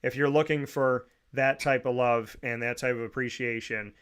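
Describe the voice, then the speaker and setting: Guy hosting a sports talk show, chatty and upbeat, mid-pitch voice. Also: fairly even intonation, moderate pace, fairly bright tone, clear, resonant tone.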